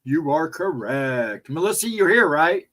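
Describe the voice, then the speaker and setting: A man's voice: on the high side, big pitch swings, unhurried, fairly bright tone. A man co-hosting a livestream, chatting casually with a rambling, laughing manner. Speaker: co-host.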